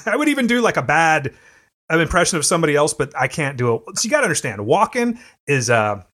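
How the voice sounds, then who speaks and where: A man's voice: a little high, big pitch swings, quick pace, a bit bright. A man in his thirties co-hosting a podcast in casual chat, dry and teasing, laughing often. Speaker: podcast co-host.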